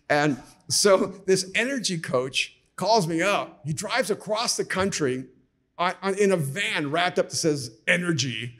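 A middle-aged man telling lively anecdotes as an author guest on a podcast taped live, acting out the people he quotes. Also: high voice, slow. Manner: animated anecdotes, acts out quoted voices. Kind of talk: conversational storytelling.

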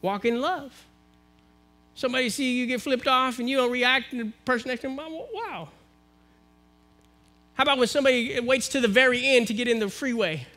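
A man with an American accent preaching a sermon to his congregation, building to forceful exhortation. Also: extremely high pitch, steady tone, fast. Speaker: minister. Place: church, live-streamed service.

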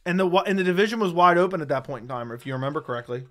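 A man's voice: on the high side, animated, very fast, fairly bright tone. Blunt sarcastic man hosting a livestream. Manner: blunt, sarcastic, slangy replies to chat. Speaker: livestream host reading viewer chat. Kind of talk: casual livestream chat. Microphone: studio microphone.

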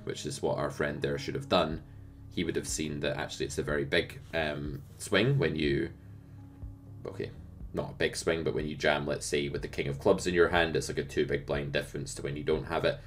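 A male poker coach with an extremely deep voice, talking through a hand in a lesson. He explains with lively energy and keeps putting rhetorical questions to the viewer, with faint music underneath.

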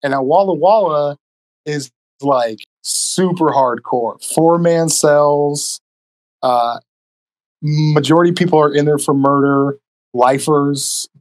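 Animated storyteller man on a podcast. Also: on the high side, slow. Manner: animated, profane, acts out voices in his stories. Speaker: podcast guest. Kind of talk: casual storytelling.

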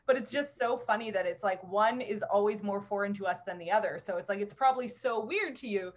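A woman hosting a casual conversation, telling stories in an animated way with lots of fillers and little laughs. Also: mid-range voice, fairly quick. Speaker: host.

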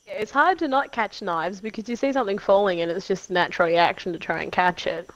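A woman's voice: mid-range voice, fairly quick, dry recording, muffled recording. A woman chatting casually and telling stories to a streamer.

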